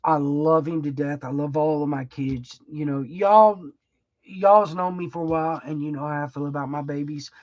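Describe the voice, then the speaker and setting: A woman's voice: sits low, moderate pace, darkish tone, no echo, lo-fi sound. A middle-aged woman, chatting on her own livestream in a rambling, emotional, folksy way and laughing often. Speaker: livestream host. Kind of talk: casual heartfelt livestream chat.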